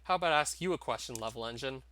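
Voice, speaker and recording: A man's voice: mid-range voice, lively intonation, racing, bright, forceful tone. A man voicing a sneering, abusive middle-aged father who taunts and mocks. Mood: menacing, taunting. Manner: taunting, mocking.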